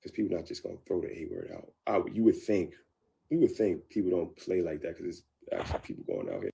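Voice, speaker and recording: Man, low gravelly voice, mellow tone; candid interview guest who replays his old thoughts and repeats himself. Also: fast, a little hiss or hum. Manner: animated, acts out his own past thoughts, repeats phrases.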